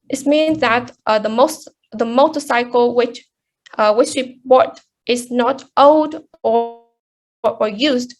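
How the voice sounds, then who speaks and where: A woman explains a lesson point slowly and patiently. Her voice sits high, and she restarts phrases often. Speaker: student presenter. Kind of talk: class presentation.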